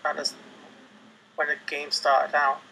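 A man's voice: on the high side, completely flat delivery, takes it slowly, vocal fry, sharp tone, a little hiss or hum, poor audio. A man hosting a gaming channel, chatting casually over gameplay, hesitant with many fillers and restarts.

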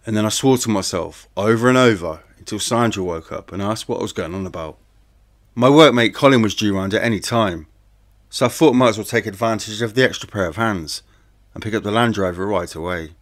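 Male narrator, lowish voice, conversational first-person true-crime read. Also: fairly quick. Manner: plain, conversational storytelling. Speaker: audiobook narrator.

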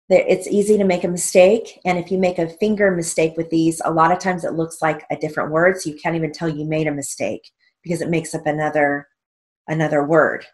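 A woman teaching a steno theory lesson, patiently spelling out strokes letter by letter. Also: low-pitched. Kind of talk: recorded lesson.

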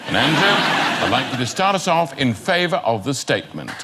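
An older man hosting a comedy panel show, brisk and brushing off teasing to move things along. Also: medium pitch, very animated. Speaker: game show host. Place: TV studio with live audience. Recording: loud noise and audience laughter.

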